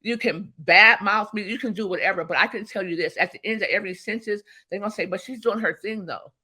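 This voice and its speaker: A woman guest, a business strategist, talking emphatically and telling animated stories in an interview. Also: mid-range voice, quick pace, slightly rough. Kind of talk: motivational interview talk.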